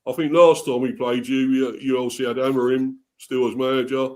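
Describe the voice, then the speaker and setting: A man answering questions as a guest fan of the rival team in casual chat, relaxed and hesitant, with lots of ums. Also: medium pitch, brisk.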